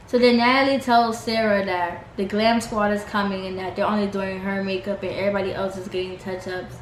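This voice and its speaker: A woman's voice: level tone, fairly quick. Chatty young woman recapping reality TV. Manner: chatty, heavy use of "like", mimics cast members in higher pitch. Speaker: reality TV reviewer. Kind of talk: casual episode recap. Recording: echoey room with faint noise.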